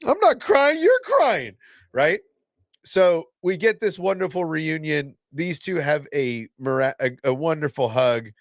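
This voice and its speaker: A man hosting a casual fan reaction video, excitable and blunt, swearing and restarting his sentences often. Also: on the high side, dry recording, studio quality.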